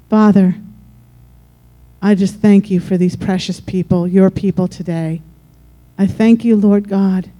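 Very dark-voiced fervent preacher. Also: mid-range voice. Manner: fervent prayer with repeated "Lord God" and restarts. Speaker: pastor. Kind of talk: sermon closing in prayer.

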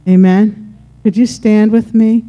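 A preacher with a deeply dark, mellow tone delivers a sermon that turns into fervent prayer. The speech keeps circling back to "Lord God," with frequent restarts. The pitch sits at a middle height. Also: flat delivery, takes it slowly, highs cut off. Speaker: pastor.

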